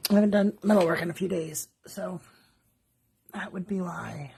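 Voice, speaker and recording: During a live demonstration at her home art studio, a jewelry artist chats and thinks out loud as she works. She has a fairly low, steady voice at normal speed, with background noise present.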